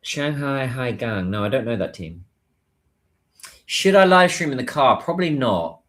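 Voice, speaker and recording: A man's voice: mid-range voice, expressive, measured pace, fairly bright tone. A man chatting casually on a livestream while he waits in a taxi queue, musing aloud and answering viewers' comments. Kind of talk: casual live-stream chat.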